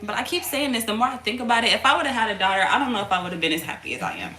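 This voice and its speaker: A young woman and mother chatting casually to camera at home. She laughs loudly and often, swears freely, and coos softly to her baby between remarks. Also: a little high, rapid-fire. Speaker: mother vlogging. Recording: echoey room with steady noise.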